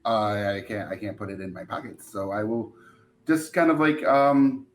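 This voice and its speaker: A player at a tabletop game, chatty and full of questions, often trailing off softly. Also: medium pitch, expressive, normal speed, slight background noise. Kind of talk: casual tabletop play.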